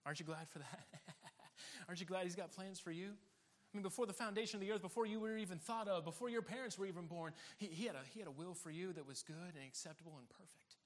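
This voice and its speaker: A man's voice: high voice, fast. A man preaching a sermon, laughing often and acting out the people in the story. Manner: animated, laughing often, acting out quoted voices. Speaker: pastor.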